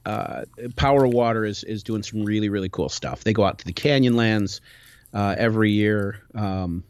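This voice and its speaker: A man's voice: fairly low pitch, normal speed, clean tone, dry recording. Rambling man telling a travel story. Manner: animated, rambling with many restarts. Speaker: podcast host. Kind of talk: casual storytelling chat. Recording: dull, dry lo-fi recording.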